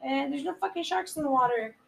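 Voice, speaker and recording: A woman casually retelling a film plot on a podcast, laughing often and jumping into loud voices for the characters. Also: high voice, fast talker, gravelly, recorded from a distance, poor audio. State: giggly, a bit high. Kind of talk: casual chat.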